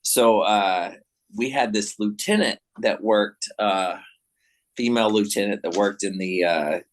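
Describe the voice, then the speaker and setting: A man's voice: fairly low pitch, a little slow. A man in casual chat, telling a war story with lots of laughing and animation. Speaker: veteran, panel member.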